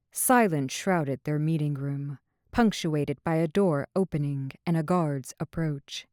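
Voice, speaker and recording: Low-voiced woman narrating an audiobook. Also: warm tone, dry recording, clean studio sound. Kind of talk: scripted narration.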